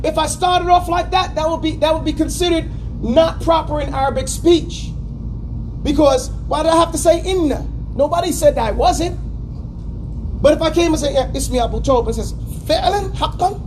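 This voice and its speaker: A man teaching a class, animated and stop-start, having students repeat words after him. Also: very high voice, moderate pace, a little hiss or hum. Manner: stammers and restarts often. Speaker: teacher of Quran exegesis class. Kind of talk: classroom lesson.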